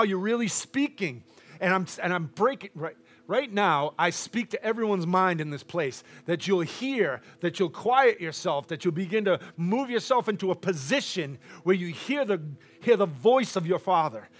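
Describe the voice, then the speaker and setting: A man preaching a sermon to a congregation, loud and boisterous at times and dropping to a near hush at others. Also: sits high.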